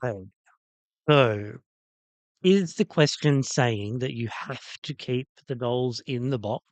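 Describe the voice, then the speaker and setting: Male livestream host, unhurried, hesitant and rambling, dry close sound. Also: medium pitch, no room sound. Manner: rambling, hesitant, lots of ums and uhs. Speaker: toy restoration livestream host. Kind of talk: casual livestream chat reacting to a video.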